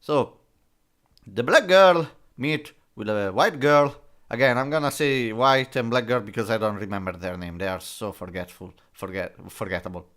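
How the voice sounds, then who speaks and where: Mocking a comic he clearly doesn't rate, this male reviewer stumbles through fillers and restarts at a normal speed. His pitch is medium and his tone fairly bright.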